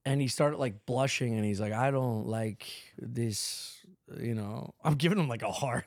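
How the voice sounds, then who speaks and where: A man's voice: medium pitch, brisk, a little mellow, dry recording, clean studio sound. A man co-hosting a comedy podcast, telling profane stories with frequent laughter. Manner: storytelling, profane, laughs often. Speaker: podcast co-host. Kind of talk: casual comedic chat.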